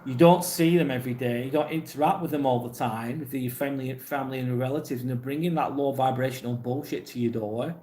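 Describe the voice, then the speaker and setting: An English man talks casually and bluntly through a live stream, reading out viewers' messages and giving straight answers. His voice sits at an ordinary middle pitch. The room around him is echoey. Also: fairly even intonation, fast talker, hardly any pauses, mellow. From England. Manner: blunt, plain-spoken, swears casually. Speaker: livestream host reading chat.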